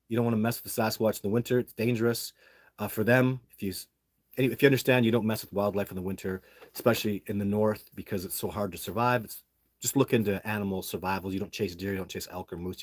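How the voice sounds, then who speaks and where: A Canadian man with a fairly low voice tells a long story straight to the listener in a loose, casual monologue. He is blunt and heated and curses freely as he vents. The recording is dry and close, with no room sound. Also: darkish tone, no room sound. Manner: blunt and heated, swears freely while venting. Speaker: independent Sasquatch researcher and show host.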